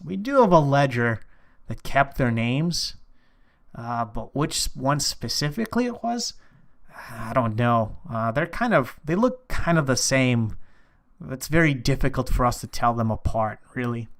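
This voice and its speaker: A man's voice: mid-range voice, expressive, unhurried. A man voicing an evasive, brusque male dwarf smith in a tabletop game. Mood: hesitant.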